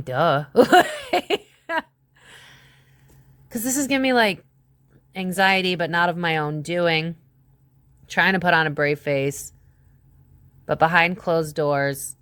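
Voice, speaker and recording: A woman's voice: low-pitched, a bit bright, clean tone. A woman giving a casual tarot reading to her viewers, chatty, exclaiming and blunt, with the odd swear. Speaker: psychic tarot reader.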